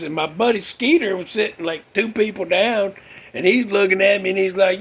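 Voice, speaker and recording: A man's voice: high voice, a little fast, a bit bright, husky. A man, hosting a casual show from his garage, telling rambling folksy stories with frequent chuckles and restarts. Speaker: podcast host.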